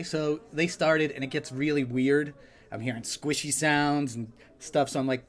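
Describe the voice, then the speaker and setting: Bright-voiced man doing stand-up. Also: a little high, normal speed. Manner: wry and animated, acts out quotes. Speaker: stand-up comedian. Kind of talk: stand-up comedy storytelling.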